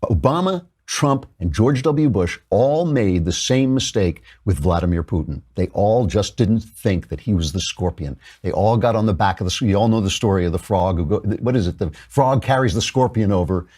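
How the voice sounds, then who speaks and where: A middle-aged man hosting a talk show, his voice a little husky and lowish. He delivers wry, amused political commentary with a lively, swinging pitch and laughs often along the way. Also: moderate pace, few pauses.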